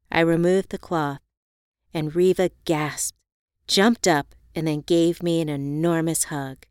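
A woman reading a first-person novel aloud in a calm, even storytelling manner. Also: low-pitched, measured pace, clear, resonant tone, dry recording, studio quality. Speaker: audiobook narrator. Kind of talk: first-person audiobook narration.

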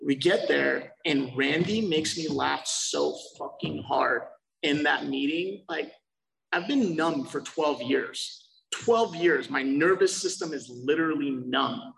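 A man's voice: fairly high pitch, slow, gravelly, a bit bright, recorded from a distance, low-quality recording. A young man casually telling his recovery story, swearing freely and acting out past conversations. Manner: profane, loose, acts out quoted exchanges.

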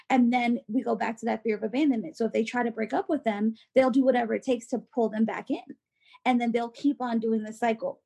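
A woman co-hosting a podcast in casual chat, animated and filler-heavy, acting out quoted voices. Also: a little high, fast talker, gravelly, slightly rough. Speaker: podcast co-host.

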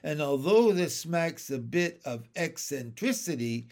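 Cheerful small boy voiced by a man, eager, high pitched, storybook reading. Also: lively intonation, unhurried. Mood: rhyming. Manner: bright and eager.

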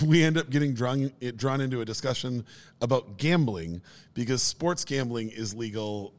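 A man's voice: mid-range voice, moderate pace, big-room sound. A man co-hosting a podcast, telling stories casually with lots of energy, cursing and laughing along the way. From Minnesota. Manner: animated storyteller, swears casually, laughs often. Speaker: podcast co-host. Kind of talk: casual storytelling chat.

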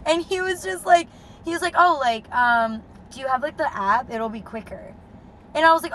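A young woman with a slightly high voice tells a dating story in a casual, animated way, swearing freely and filling her sentences with "like". A faint hiss of noise sits behind her. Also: moderate pace. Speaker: podcast co-host.

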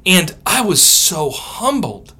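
A man, a theologian and author, answering podcast interview questions with lively storytelling, often laughing and acting out what others said. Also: sits high, takes it slowly, slightly rough. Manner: animated, laughs often, acts out quotes.

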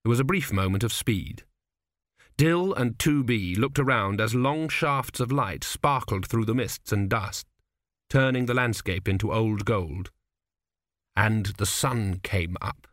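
A man reading an audiobook aloud in a measured, wry storytelling manner. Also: lowish voice, fairly bright tone, dry recording, studio quality. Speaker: audiobook narrator. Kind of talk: scripted narration.

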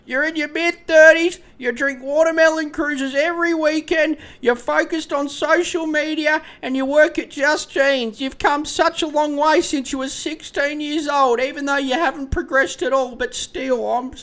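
A man's voice: very high-pitched, fairly even intonation, moderate pace, few pauses, fairly bright tone, pitched above the performer's own voice. An Australian man impersonating a middle-aged father who fakes pride with forced, sarcastic cheer. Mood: fake proud. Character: middle-aged father faking pride through a strained smile.

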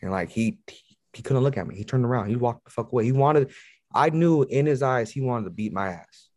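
A man's voice: mid-range voice, animated, a little mellow, dry recording. A man telling a personal story in a casual interview, swearing often and stumbling over his words. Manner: profane, rambling, halting retelling. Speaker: guest.

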